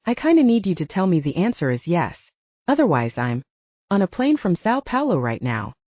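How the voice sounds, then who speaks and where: A woman's voice: lowish voice, big pitch swings, moderate pace, dark tone, dry recording, highs cut off. A woman narrator voicing a blunt, bubbly, teasing young woman as the best friend in an audiobook. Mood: coaxing.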